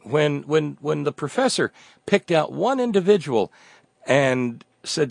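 A man's voice: on the high side, expressive, a little slow, gravelly, no room sound. A man delivering a sarcastic satirical monologue as a commentator, often restarting his words.

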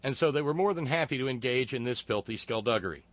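A man hosting a political talk show, reading listener comments with sardonic, profane mockery and many halting filler words. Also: medium pitch, lively intonation, no room sound.

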